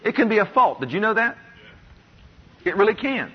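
A man's voice: high-pitched, sing-song, husky. Man preaching a sermon, muffled lo-fi. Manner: preacher reading scripture slowly, then telling stories with quoted voices. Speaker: pastor.

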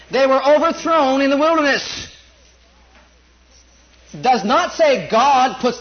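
A man preaching a sermon and reading scripture, stressing and repeating key words and dropping into quieter asides. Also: dull audio. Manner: emphatic, repeats words, swings from low asides to loud stressed lines.

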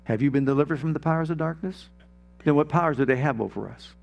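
A man preaching a sermon, with emphatic, repetitive declarations, slowing down and dropping low for emphasis. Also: vocal fry, a little mellow, soft background music.

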